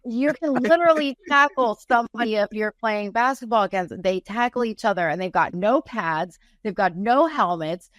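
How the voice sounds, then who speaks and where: A woman's voice: mid-range voice, lively intonation, normal speed, few pauses, fairly bright tone, no room sound. A woman co-hosting a casual sports talk show in a playful, teasing manner. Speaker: co-host.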